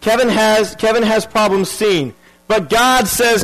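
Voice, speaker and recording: A man's voice: sits high, unhurried, a bit bright, low-quality recording. A man preaching a sermon earnestly, repeating key phrases and restarting his sentences.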